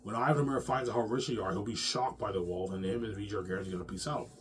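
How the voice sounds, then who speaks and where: A man's voice: lowish voice, rapid-fire, a little hiss or hum. A man rambling in an agitated monologue to the camera, swearing often and repeating his words. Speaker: vlogger.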